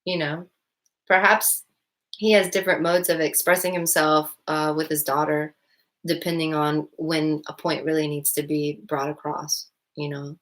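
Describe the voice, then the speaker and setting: A vlogger and stepmom talks through her thoughts in a casual, reflective monologue that rambles, full of restarts and "like" fillers. Her deep voice moves little in pitch, with a moderate pace and a slightly bright quality.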